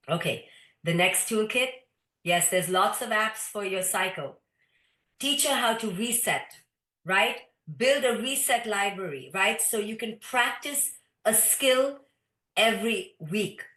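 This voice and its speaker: A woman's voice: mid-range voice, fairly bright tone. A woman leading a live parenting workshop, speaking directly and instructively, sometimes reading audience comments aloud. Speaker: parenting teacher. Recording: roomy echo.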